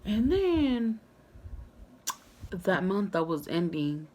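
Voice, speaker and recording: A woman's voice: medium pitch, sing-song, extremely slow, darkish tone, a little hiss or hum. A young woman vlogger telling a candid storytime, frank and full of swearing and "like". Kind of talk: casual storytime monologue.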